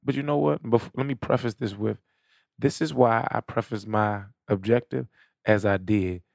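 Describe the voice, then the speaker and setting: Low-voiced man in profane podcast banter. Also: normal speed, vocal fry, darkish tone, dry recording, studio quality. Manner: loose, profane, joking street talk. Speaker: podcast co-host.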